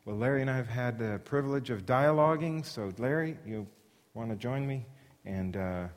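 A man's voice: mid-range voice, moderate pace. A man preaching a sermon in an earnest, emphatic way, sometimes restarting his phrases. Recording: long hall reverb.

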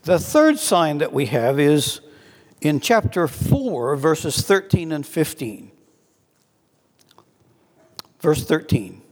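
A man preaching a sermon in an earnest way, slowing down to read scripture aloud. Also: a little high, sing-song, a little mellow, in a large hall.

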